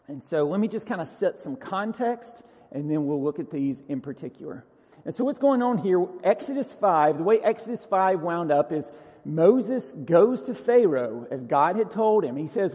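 A man preaching a sermon in a casual, conversational way, with emphatic stresses and lively paraphrases of scripture. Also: a little high. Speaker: pastor. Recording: long hall reverb.

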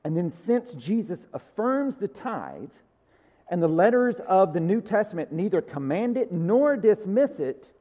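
A man's voice: sits high, sing-song, measured pace, mellow. Man preaching in a reverberant hall. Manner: conversational, asides and rhetorical questions. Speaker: pastor. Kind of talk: sermon.

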